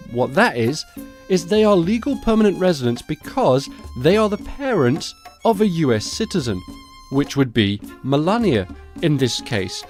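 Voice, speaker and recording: A man hosting a solo news podcast who talks in a sarcastic, conversational way and swears freely. His voice sits a touch higher than most men's. Faint music runs behind him. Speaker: podcast host.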